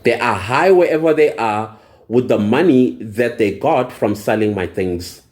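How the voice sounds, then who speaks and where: A man's voice: mid-range voice, lively intonation, measured pace, darkish tone. Angry man ranting. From South Africa. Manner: indignant, emphatic, repeats phrases for emphasis. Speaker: vlogger. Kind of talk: angry personal vlog rant.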